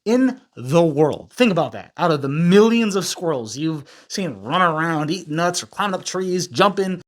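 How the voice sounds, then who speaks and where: A man's voice: a little high, lively intonation, normal speed. A man hosting a commentary video, ranting in a rambling, profane, self-interrupting way. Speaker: commentary channel host.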